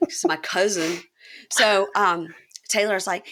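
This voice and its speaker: A woman's voice: lowish voice, expressive, fairly quick, a bit bright. A woman hosting a casual chat, retelling scenes and acting out quotes in exaggerated voices. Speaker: podcast host.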